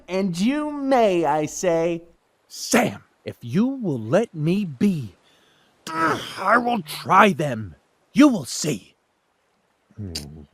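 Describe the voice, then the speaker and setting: A woman reading a children's rhyming storybook aloud in a rhythmic, sing-song way. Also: low-pitched.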